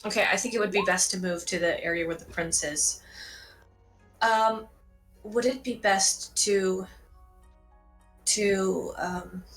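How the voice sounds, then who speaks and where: A woman taking part as a player in a tabletop game, thinking aloud and hesitating as she talks. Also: fairly low pitch. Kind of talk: casual chat at a tabletop game.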